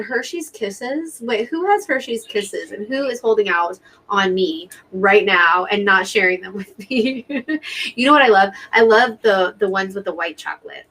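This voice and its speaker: A woman's voice: mid-range voice, a bit bright, breathy edge, low-quality recording. A woman hosting a live stream watch party, chatting to her viewers in an emotional, talkative way. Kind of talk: casual live commentary to viewers.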